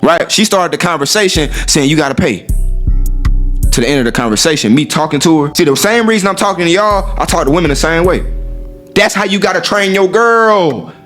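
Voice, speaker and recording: A man's voice: on the high side, animated, fairly quick, fairly bright tone, soft background music. A man in a casual monologue to his viewers, brash, profane and swaggering, who acts out what others said. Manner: acts out quoted women in raised voice. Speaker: dating talk host.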